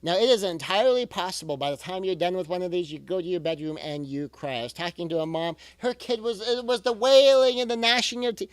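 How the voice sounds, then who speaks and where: A man's voice: high voice, fast talker, few pauses, smooth, no room sound. Earnest man coaching parents. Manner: earnest, reassuring, repeats key phrases. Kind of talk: recorded talk on parenting.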